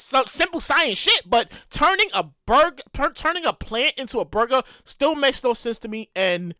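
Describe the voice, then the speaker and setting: Woman podcast host, high lively voice, bright tone, dry close sound, casual profane chatter. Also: no room sound. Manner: animated, profane, repeats herself and acts out quotes. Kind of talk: casual solo podcast commentary.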